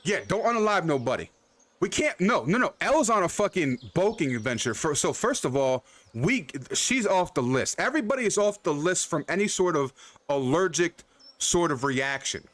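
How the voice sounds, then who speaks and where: A man's voice: on the high side, big pitch swings, normal speed, a bit bright. A young man hosting a game livestream, chatting loosely with viewers by name, rambling, repeating himself and swearing freely. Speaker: livestream host. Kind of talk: casual chat with live chat.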